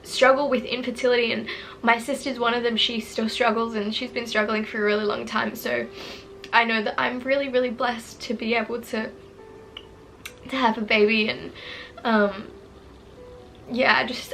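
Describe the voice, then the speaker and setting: A woman's voice: fairly high pitch, fairly even intonation, normal speed, long pauses, fairly bright tone, faint music behind, poor audio. A young woman in her twenties, earnest and teary, talking about her life in a rambling, heartfelt personal vlog. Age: 20s. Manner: earnest, tearful, rambling with many fillers. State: teary and emotional. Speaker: vlogger. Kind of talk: emotional personal vlog to camera. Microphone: camera mic, sitting close.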